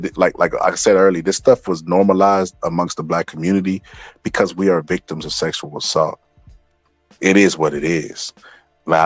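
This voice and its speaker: A man with a low-pitched voice hosts a casual commentary channel, recorded with no echo. He rambles through stories, swearing freely and acting out what other people said.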